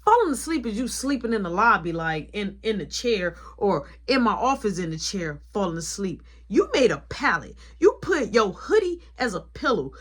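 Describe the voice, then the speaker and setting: Animated woman telling a store story. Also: medium pitch, normal speed, hardly any pauses, slightly rough. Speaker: store manager. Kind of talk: casual storytime vlog.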